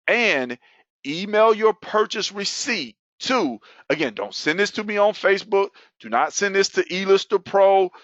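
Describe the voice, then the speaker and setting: A man hosting a webinar and giving an excited sales pitch, whooping and laughing between offers. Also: no room sound. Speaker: webinar host. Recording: dull lo-fi dry sound.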